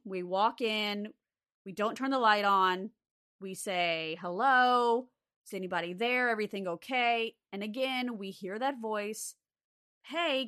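A young adult woman telling a story from her days as a care aide, relaxed and unhurried, with lots of "like" fillers. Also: medium pitch. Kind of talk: casual spoken ghost story.

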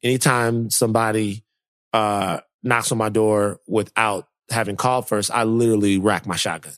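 A man chatting on a podcast, telling a story with lots of feeling and pitching his voice way up when he is exasperated. His voice sounds close and dry, with no room around it. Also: normal speed, no echo. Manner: animated storyteller, rises high when exasperated. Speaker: podcast co-host. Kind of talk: casual chat, storytelling.

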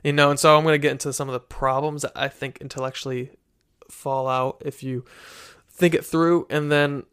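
A man of ordinary pitch talks through a Christian teaching in a casual, conversational manner. He often restarts his sentences and checks in with listeners as he goes. He speaks into a desk microphone in a room with a bookshelf. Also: level tone, normal speed, fairly bright tone, smooth. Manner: conversational, many "right?" tags and restarts. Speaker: Christian teacher, podcast host. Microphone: studio microphone.

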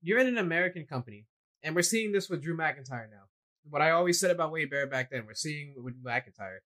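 A man's voice: a little high, animated, fast, pushed and bright, rough recording. A man co-hosting a casual wrestling discussion, giving opinionated, rambling takes and shrugging points off. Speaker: podcast co-host.

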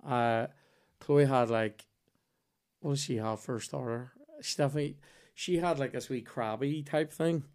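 A man, hosting a podcast and telling animated, sweary stories in casual chat. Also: medium pitch, normal speed. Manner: animated, sweary, acts out voices in his stories. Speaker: podcast host.

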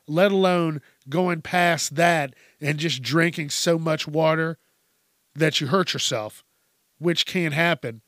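A man's voice: on the high side, fairly bright tone, dry recording, studio quality. A middle-aged man hosting a podcast, talking in a blunt, profane, rambling monologue. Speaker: podcast host. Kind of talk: casual monologue.

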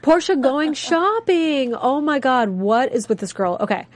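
A woman hosting a casual after-show chat, talking quickly and breezily with lots of asides. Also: high voice, big pitch swings. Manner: chatty, fast, with frequent "like" and quoted asides. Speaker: host. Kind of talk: casual chat recapping a TV episode.

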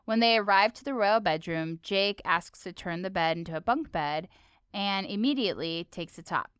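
A woman co-hosting a casual podcast, telling the episode's story with expressive energy. Her pitch swings widely and her voice is smooth and clear. The sound is close and dry. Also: normal speed, no room sound. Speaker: podcast co-host. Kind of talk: casual episode recap chat.

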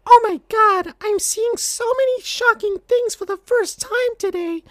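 A man voicing a hysterical baby echidna boy in a squeaky falsetto for a comedic fan-fiction reading. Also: a little slow, dry recording. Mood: panicky.

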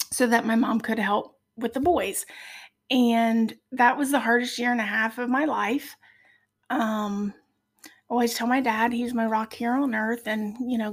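A middle-aged woman with a slightly high voice tells a personal story in an earnest, halting way, pausing often on fillers. She speaks with heartfelt emotion in a relaxed conversation. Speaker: podcast guest.

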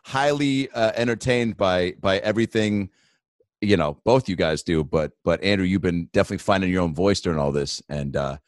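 A man's voice: deep voice, brisk, no echo, clean studio sound. A man talking as a guest on a podcast in laid-back casual chat, laughing easily and calling people man and dude. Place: remote video call.

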